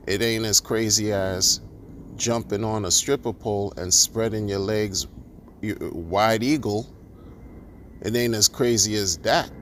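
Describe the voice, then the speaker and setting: A man's voice: on the low side, measured pace, a bit bright, slight background noise. A man ranting in a monologue, exasperated and sarcastic, firing off rhetorical questions and restarting his sentences. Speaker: crypto commentator.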